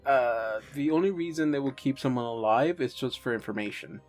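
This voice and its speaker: A man's voice: mid-range voice, soft background music. Laid-back man running a tabletop game. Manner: relaxed, halting with many fillers. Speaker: game master.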